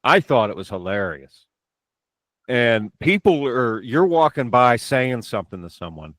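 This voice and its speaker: A man's voice: mid-range voice, big pitch swings, measured pace, a bit bright, no echo. A man hosting a podcast, telling long rambling anecdotes in casual chat, with lots of restarts and asides. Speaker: podcast host.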